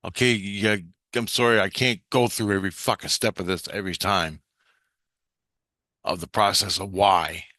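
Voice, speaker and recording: A man's voice: deep voice, fairly even intonation, moderate pace, sharp tone, no room sound, clean studio sound. A man rambling through a profane, intense monologue about his spiritual experiences.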